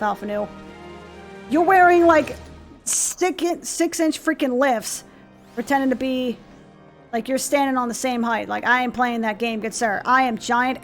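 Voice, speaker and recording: A woman streamer with a high voice, playing a game and reading its dialogue aloud between sarcastic asides. She talks playfully and swears freely. Faint music runs underneath.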